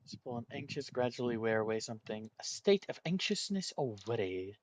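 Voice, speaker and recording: A man's voice: mid-range voice, big pitch swings, fairly quick, no echo. A man thinking aloud while solving a word puzzle, hesitating and weighing each option as he goes.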